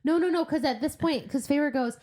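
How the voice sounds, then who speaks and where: A woman's voice: high voice, a little fast, mellow. A woman co-hosting a casual book podcast, reacting emphatically and with exasperation to the plot. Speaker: podcast co-host. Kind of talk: casual book-club chat.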